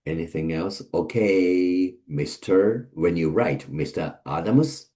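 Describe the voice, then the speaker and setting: Speaking slowly in a deep, dark-toned voice, a man teaches English vocabulary in a relaxed way. He lists the word pairs one after another, hesitating and using many fillers.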